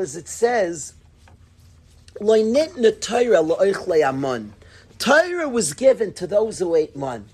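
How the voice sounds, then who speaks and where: A man's voice: high voice, breathy edge. A man teaching an informal Torah class, acting out dialogues and repeating his phrases. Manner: animated, acts out dialogues, laughs, repeats phrases.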